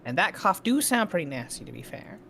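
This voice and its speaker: A bubbly woman chats on a voice call, her fairly low voice bouncing lively up and down as she jokes and giggles. A faint hiss hangs behind her. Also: fairly quick, creaky. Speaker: player. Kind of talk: casual chat on a group stream. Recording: faint background noise.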